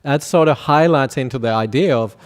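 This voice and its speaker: A male Buddhist monk teacher speaks in a mid-range voice during a teaching workshop dialogue, talking haltingly and restarting often.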